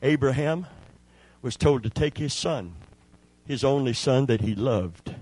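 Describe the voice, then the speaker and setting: A middle-aged male pastor preaching a sermon, telling a personal story with emotion and dropping to a hushed voice when he re-enacts a prayer. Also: mid-range voice, animated, measured pace, slightly rough, no room sound, low-quality recording.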